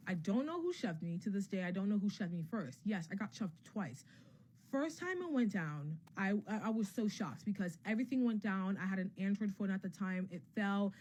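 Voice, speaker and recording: A young woman casually telling a personal story for a vlog, candid and profane, with lots of filler words and an emotionally animated delivery. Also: mid-range voice.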